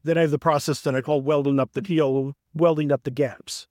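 A middle-aged man with a Southern US accent tells stories as an author in a casual interview, his voice a little high and a little fast. He's an animated storyteller who raises his voice to act out the friends he quotes. The studio sound is clean, with no room sound.

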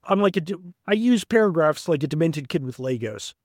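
A middle-aged author with a Southern US accent tells stories at length in a relaxed interview, jumping up in pitch whenever he acts out what a friend said. His man's voice sits a little high. The recording is close and dry, with no room sound. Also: fairly quick, dry recording. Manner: animated storyteller, acts out quoted friends in a raised voice. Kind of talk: casual storytelling in an interview.

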